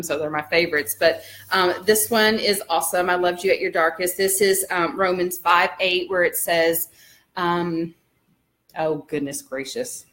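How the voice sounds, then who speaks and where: A woman's voice: on the low side, a bit bright. A woman in her thirties with a Southern US accent, talking casually and upbeat in a home vlog, with frequent "um"s. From Alabama, US. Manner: chatty and upbeat, many "um"s. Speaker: vlogger. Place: home living room.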